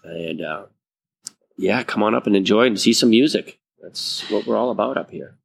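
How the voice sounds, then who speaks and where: Gravelly low-voiced male brewery guest. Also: moderate pace, slight background noise. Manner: easygoing, hesitant. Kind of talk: casual interview chat.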